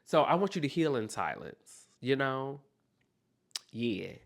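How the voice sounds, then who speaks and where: Emphatic motivational podcast host with a very lively, swooping delivery who keeps checking in with listeners. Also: medium pitch, slow, creaky. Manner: emphatic, repeats key points, checks in with listeners; loose, conversational delivery with self-corrections.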